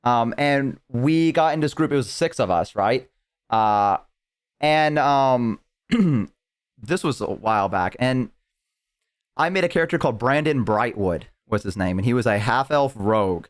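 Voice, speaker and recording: A man's voice: mid-range voice, animated, a little slow, clean tone. A young man streaming live, telling a long, rambling story in casual chat with lots of fillers and restarts.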